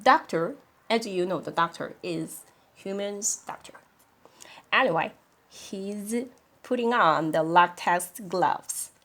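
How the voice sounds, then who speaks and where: A woman, an English teacher reading a children's story aloud and explaining words in a chatty, animated way. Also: lowish voice, slow pace. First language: Korean. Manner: animated, chatty, laughs often.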